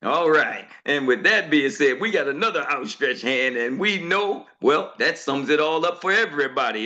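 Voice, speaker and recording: A man hosting a group coaching call in a lively, folksy way, laughing often as he hands over to speakers. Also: high voice, dull audio. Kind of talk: casual motivational chat.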